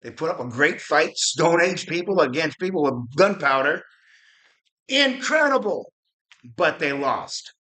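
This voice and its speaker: Middle-aged male host, raised in Arizona, bright cutting voice, worked-up rambling rant. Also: on the high side, sing-song, a little slow. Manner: ranting, profane, rambling with restarts. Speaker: podcast host. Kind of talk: fired-up political rant.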